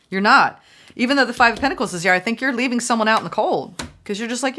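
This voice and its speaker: A woman's voice: a little high, lively intonation, a little fast, pushed and bright. A woman giving a casual, chatty tarot reading, musing aloud and voicing the viewer's thoughts. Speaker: tarot reader.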